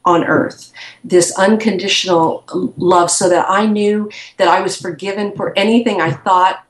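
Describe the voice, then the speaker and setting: A woman guest slowly and reflectively recounting a personal experience in an interview. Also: medium pitch, fairly even intonation, echoey room.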